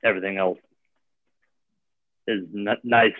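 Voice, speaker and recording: This guest, likely a gym owner or coach, has a lowish voice with fairly even intonation and a measured pace. His casual talk meanders, packed with filler words and restarts, and the audio sounds dry and tinny, like a phone line.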